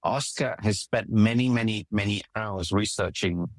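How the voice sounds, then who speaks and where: During a conversational interview, a middle-aged relationship coach with a lowish voice and moderate pace tells stories about himself. He speaks earnestly and emphatically, often restarting, with no echo in the sound.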